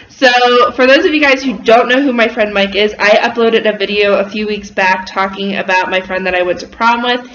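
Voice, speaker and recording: A woman hosts her vlog, chatty and bubbly, with a voice of middling pitch. The room adds a noticeable echo, the sound is slightly dull, and there is a faint hiss. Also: moderate pace, hardly any pauses, a bit bright. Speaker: vlog host. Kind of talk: casual vlog chat. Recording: roomy, dull and slightly noisy.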